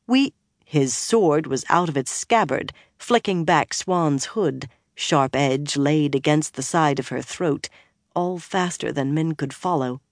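An audiobook narrator reading a fantasy novel in a steady, expressive storytelling voice on a close mic. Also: medium pitch, unhurried, no echo.

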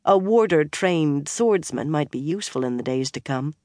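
Narrator doing a worried young woman begging, voice way up high. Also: expressive, normal speed, darkish tone, no echo, studio quality. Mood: pleading. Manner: urgent, pleading. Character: anxious young woman pleading with a friend.

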